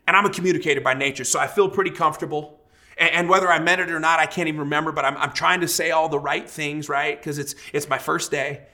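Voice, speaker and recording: A man in his thirties, a pastor, preaching a sermon and telling a personal story in a lively storytelling way. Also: a little high, fast. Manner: storytelling, animated, acts out quoted voices.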